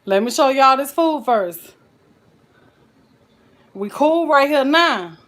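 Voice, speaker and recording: A woman's voice: sits high, animated, takes it slowly, a bit bright. A woman chatting folksily while cooking on a live stream, calling her viewers child and honey. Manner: folksy and chatty, full of endearments.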